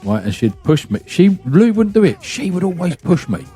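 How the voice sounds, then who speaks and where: A man's voice: sits high, very animated, normal speed, dark tone, breathy edge. A middle-aged man, telling blunt stories in a casual podcast chat. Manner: blunt, sweary storytelling. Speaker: podcast host.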